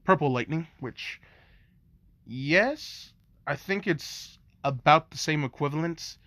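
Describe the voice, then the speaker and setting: A man's voice: fairly high pitch, a bit bright, no room sound. Rambling young man telling a story. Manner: rambling, filler-heavy. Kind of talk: casual fan-story narration.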